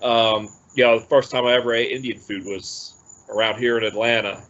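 A man's voice: medium pitch, a little fast. A man from New Jersey, a podcast guest chatting easily with plenty of fillers. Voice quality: easygoing, relaxed talk with frequent fillers. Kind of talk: casual podcast chat. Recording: dull lo-fi audio.

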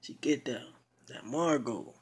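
A man's voice: medium pitch, lively intonation, unhurried, husky. A young man casually retelling a story in a rambling, slangy way, cursing freely. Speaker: video blogger.

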